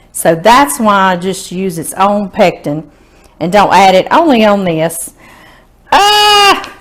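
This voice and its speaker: Slow-talking Southern woman cooking host. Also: medium pitch. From Louisiana, US Southern. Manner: chatty, folksy, savoring food aloud. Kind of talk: casual home cooking video.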